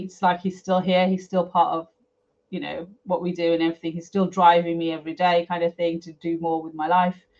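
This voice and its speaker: A woman's voice: fairly low pitch, darkish tone. A middle-aged woman, a guest on an interview, telling a personal story candidly and with feeling, chatty and full of fillers. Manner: frank, emotional, chatty with fillers. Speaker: guest, property developer. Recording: slightly dull lo-fi audio.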